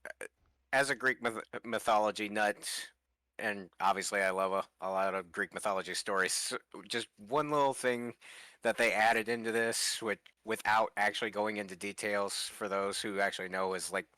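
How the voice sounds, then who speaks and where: A lower-pitched man with a bright, forward tone, chatting casually with friends on a live stream. He laughs a lot and drops into playful impressions mid-story. The sound is close and dry. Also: steady tone, moderate pace, dry recording. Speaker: stream co-host. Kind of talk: casual group chat.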